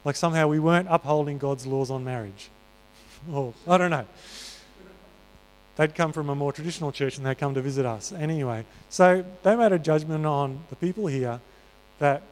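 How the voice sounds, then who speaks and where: A man's voice: on the high side, moderate pace, darkish tone, smooth. A man preaching a sermon in a church, talking in an earnest, conversational way with many fillers. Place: church hall. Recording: reverberant church hall.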